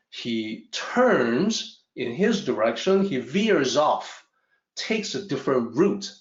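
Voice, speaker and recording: Slow, lively-voiced male teacher. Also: medium pitch. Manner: measured, explanatory. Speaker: Tao teacher. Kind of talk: storytelling lesson. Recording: roomy, dull lo-fi audio.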